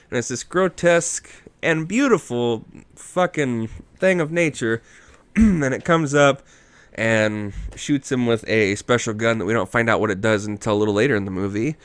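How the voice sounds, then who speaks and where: A man's voice: mid-range voice, expressive, moderate pace, clean tone, no echo. A tipsy man hosting a podcast, rambling through a movie recap in casual chat and swearing freely. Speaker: podcast host.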